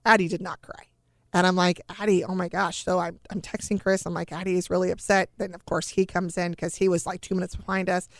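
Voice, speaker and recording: A woman's voice: lowish voice, flat delivery, brisk, no room sound, clean studio sound. A middle-aged woman telling a personal story as an interview guest, retelling events with lots of quoted dialogue.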